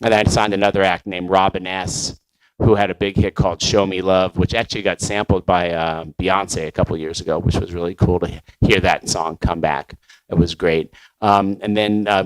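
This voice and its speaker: A man's voice: low-pitched, fairly even intonation, fairly quick, clean tone, poor audio. A middle-aged man, a record label founder, recounting his career in a loose conversational way with many fillers and restarts. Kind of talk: conference talk storytelling.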